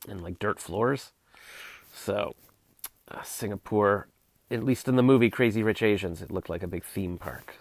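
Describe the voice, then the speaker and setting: A man's voice: on the low side, gravelly, no echo. A Canadian man in his forties chatting on a livestream, rambling through restarts with wry, sarcastic asides. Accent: Canadian English. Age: 40s. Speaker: vlogger answering live chat. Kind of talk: casual rambling livestream chat.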